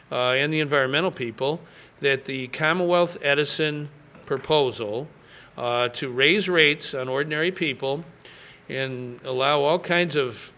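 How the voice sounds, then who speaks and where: An older man fielding reporters' questions at a press gaggle, his voice bright and forceful. He talks in an emphatic, folksy way, often pausing on fillers as he makes his case. His pitch sits a little above the usual for a man. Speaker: state governor. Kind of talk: press conference answers.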